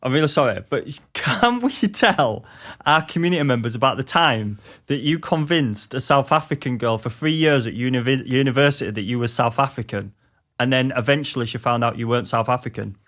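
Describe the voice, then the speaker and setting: A man's voice: medium pitch, lively intonation, fairly quick, fairly bright tone. A man co-hosting a casual podcast, teasing his partner and rambling with many restarts. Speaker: podcast co-host.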